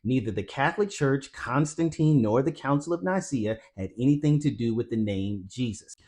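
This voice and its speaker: A man's voice: mid-range voice, lively intonation, moderate pace, a little mellow. A man giving a scripted Bible teaching narration, explaining carefully and calling his viewers family. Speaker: Christian teacher.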